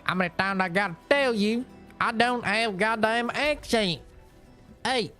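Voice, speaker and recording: A streamer putting on an indignant man who hollers upward in frustration, his voice pushed high and loud. He curses at every turn, fed up and offended. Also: unhurried, soft background music. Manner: shouting, exasperated, swearing. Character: indignant man yelling up at someone.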